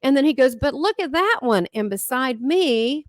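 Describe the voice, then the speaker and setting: A woman hosting a casual chat recounts a personal experience, acting out what other people said with big leaps up and down in her somewhat high voice. She speaks at normal speed, and the recording is dry and close with no room sound.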